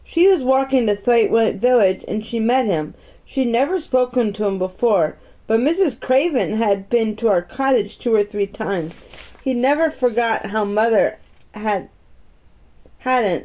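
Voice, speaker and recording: A woman's voice: fairly high pitch, a little slow, close to an everyday voice. Woman doing a chatty maid. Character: cheerful young Yorkshire housemaid. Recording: muffled lo-fi recording.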